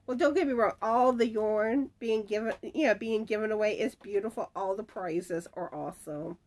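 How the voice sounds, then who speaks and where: A woman's voice: medium pitch, darkish tone. A woman hosting a crochet channel, casually announcing giveaway winners and chatting to herself, her voice starting to give out. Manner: chatty and unhurried, mutters asides to herself. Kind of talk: casual giveaway announcement, reading viewer comments.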